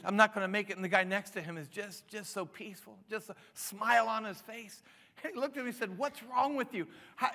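A man's voice: high-pitched, bright, forceful tone. A pastor in his fifties preaching a sermon, emphatic, with frequent restarts and rising questions. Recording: long hall reverb.

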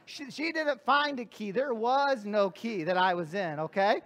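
High-voiced earnest man preaching. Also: unhurried, a bit bright. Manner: earnest, emphatic, repeats phrases for effect; self-deprecating humor. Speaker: guest pastor and evangelist. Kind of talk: sermon with personal stories.

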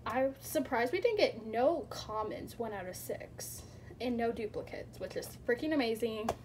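A woman chatting casually through a toy unboxing, gushing and squealing with excitement and dropping to soft whispers between reveals. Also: a little high, normal speed, slight background noise.

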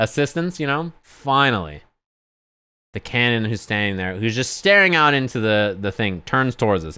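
A man tells a story to his stream in a casual, animated way. His mid-pitched voice is smooth and clear, and it sounds dry and close on the mic. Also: no room sound. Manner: animated anecdote, acts out others yelling in high pitch.

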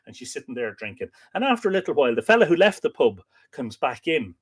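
This podcast host is an Irish man with a husky, medium-pitched voice who talks fast. During his casual live-stream chat he tells lively stories, cracking jokes and laughing frequently.

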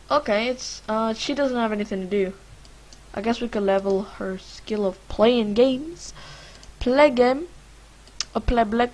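In this poor-quality audio, a gaming vlogger from Lithuania, a young woman with a medium-pitched voice, gives relaxed let's-play commentary. She rambles through a life-sim game, addressing her characters and filling her speech with fillers.

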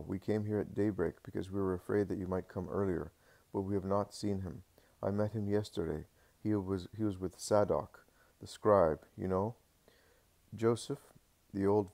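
A man's voice: deep voice, mellow. Thomas, a man reading as a chatty apostle. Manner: rambling, eager retelling. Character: Thomas, adult male apostle, talkative and worried.

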